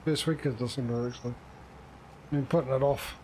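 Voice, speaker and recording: A mid-pitched man chats casually on a gaming livestream, talking to himself and teasing himself as he plays. Faint noise hums behind his voice. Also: fairly even intonation, brisk, dark tone. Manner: chatty, self-mocking, talks to himself while playing. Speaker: streamer.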